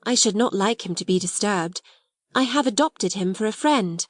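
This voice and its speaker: A woman's voice: medium pitch, expressive, moderate pace, no room sound, clean studio sound, lightly acted. A woman voicing a proud young schoolgirl who speaks in a grand, polite, self-possessed way. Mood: earnest.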